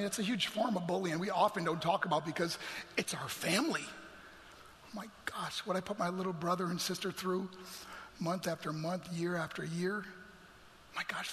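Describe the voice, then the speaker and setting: A man telling an emotional personal story to an audience in a large hall, earnest and sometimes dropping to hushed near-whispers. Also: high voice, slight background noise. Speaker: motivational speaker. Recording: long hall reverb, faint music.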